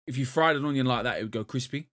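A man's voice: mid-range voice, a bit bright. Rambling man, casual chat. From Europe. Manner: rambling, full of "like" and "um". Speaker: podcast co-host.

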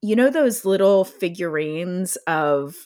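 Unhurried giggly woman podcast host. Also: fairly low pitch, expressive, darkish tone. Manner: giggly, easygoing, laughs often. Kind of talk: casual chat.

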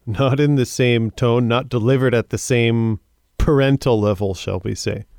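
A man at an ordinary pitch chats about a movie in a smooth, clear voice, often stumbling and restarting his sentences. The sound is close and dry. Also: steady tone, normal speed, a little mellow, no room sound. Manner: chatty, stammering restarts. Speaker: podcast co-host. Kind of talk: casual film discussion.

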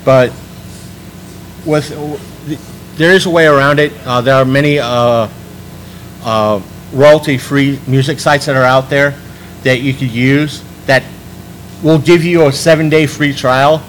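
A man hosting a podcast in casual chat, rambling and restarting his sentences, animated when he quotes people. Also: mid-range voice, a little slow, long pauses, slight background noise, rough recording. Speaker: podcast host.

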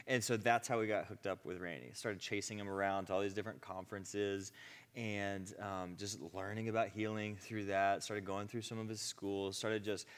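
A male preacher tells a testimony story, animated, acting out quotes and laughing often. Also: fairly low pitch, normal speed. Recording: long hall reverb.

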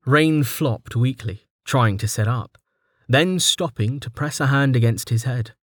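A man narrating a fantasy audiobook in a steady, even storytelling manner. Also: mid-range voice, unhurried, dry recording, studio quality.

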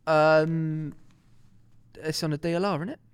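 Smooth-voiced, laid-back man. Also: on the high side, fairly even intonation, unhurried, dry recording. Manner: laid-back, joking, slangy. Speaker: podcast co-host. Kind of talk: casual chat.

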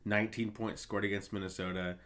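A man with a low voice and a bright, forceful tone, chatting on a sports podcast. He reels off numbers in quick bursts. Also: level tone. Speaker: podcast co-host. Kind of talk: casual sports chat.

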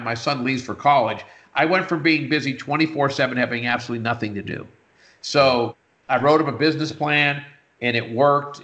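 Middle-aged male guest, bright and edgy tone, lively storyteller whose pitch shoots up for quoted reactions. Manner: animated anecdote-telling, leaps high when quoting himself. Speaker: interview guest, retired businessman. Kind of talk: casual storytelling.

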